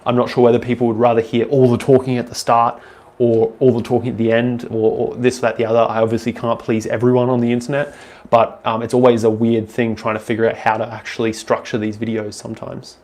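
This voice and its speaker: A man's voice: medium pitch, little pitch movement, quick pace, a little mellow. Aussie guy chatting live with his viewers, rambly, lots of ums, mid-range voice. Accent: Australian. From Australia. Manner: rambling, loose, with frequent ums and restarts. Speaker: livestreamer answering viewer questions. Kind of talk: casual live Q&A chat.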